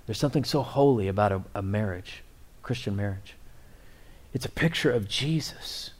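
A middle-aged man preaching a sermon, swinging between loud, excited appeals and quiet, near-whispered asides. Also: medium pitch, brisk. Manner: animated preaching, rising and dropping to near whispers. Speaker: pastor.

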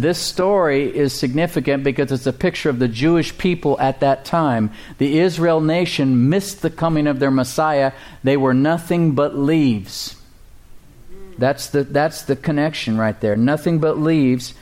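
A man pastor preaching a sermon, calling out for responses from the congregation and reading scripture slowly and deliberately. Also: a little high, darkish tone.

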